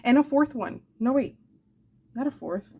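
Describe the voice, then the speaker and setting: A woman in her forties who hosts a craft channel chats casually and affectionately while showing off her supplies, drifting into rambling asides. Her voice is high, mellow and husky with some vocal fry, and she sounds animated yet unhurried.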